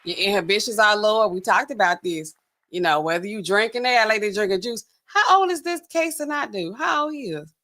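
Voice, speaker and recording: A woman's voice: mid-range voice, animated, brisk, bright, forceful tone. A young woman hosting a casual reaction livestream, chatting straight to her viewers and laughing often. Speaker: pharmacist host.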